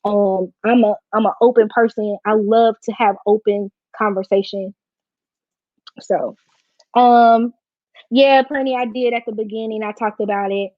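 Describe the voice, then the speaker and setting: A woman's voice: medium pitch, fairly even intonation, a little slow, dry recording. A woman hosting a casual live stream, talking in a heartfelt, slangy way while close to tears. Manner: emotional and heartfelt, slangy and informal. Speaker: livestream host. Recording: dry, slightly dull lo-fi stream audio.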